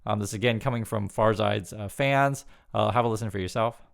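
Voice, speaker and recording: A man's voice: fairly low pitch, a little fast, vocal fry. A man giving casual spoken commentary, chatty and often repeating words as he talks. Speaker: news commentary YouTuber.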